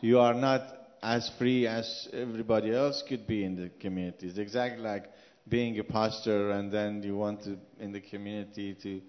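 A man from Iran, speaking slowly with an Iranian accent, earnestly answers questions as a guest in a church interview at a church gathering. His voice is lowish and level in tone. The lo-fi recording was made in a large hall.

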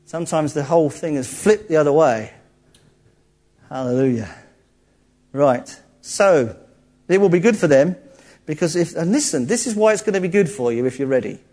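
A man preaching a sermon in a lively, conversational way, joking with his listeners. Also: a little high, normal speed, pauses often. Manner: lively, jokey, conversational, acts out quotes.

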